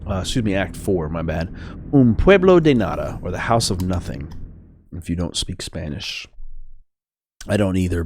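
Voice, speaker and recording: A man's voice: sits low, a little mellow, no room sound. A man hosting a game playthrough, chatting casually and thinking aloud, often correcting himself. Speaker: gaming channel host. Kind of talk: let's play commentary.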